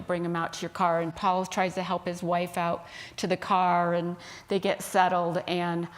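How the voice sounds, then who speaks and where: A woman minister narrates a story to her congregation in a soft, unhurried manner. Her pitch sits in a middling range. The telling has a gentle sermon pace.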